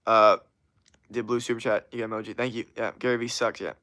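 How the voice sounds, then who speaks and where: A man's voice: on the low side, little pitch movement, quick pace, pushed and bright. Rambling guy reading chat. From USA. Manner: rambling, profane, laid-back. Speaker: livestream host. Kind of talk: casual livestream chat, reading viewer comments.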